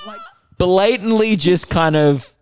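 A young Australian man, a comedian and podcast co-host, telling a story in an animated, swearing, act-it-out way. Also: high-pitched, clear, resonant tone, dry recording. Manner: animated, swears freely, acts out quotes.

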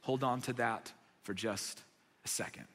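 A man's voice: medium pitch, fairly even intonation, a little slow, fairly bright tone. A male pastor giving a sermon, telling the story dramatically as his voice swells and sinks to near whispers. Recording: long hall reverb.

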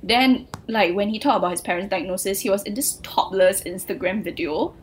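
A woman's voice: medium pitch, fairly quick, slight background noise, rough recording. A young woman, co-hosting a casual pop culture podcast and talking in a chatty way with many fillers. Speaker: podcast co-host.

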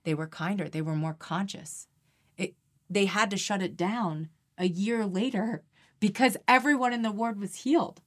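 A woman energy healer, a podcast guest, talking earnestly and animatedly in an interview, repeating phrases and dropping to a hushed voice when she recites a prayer. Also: mid-range voice, moderate pace. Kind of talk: conversational interview.

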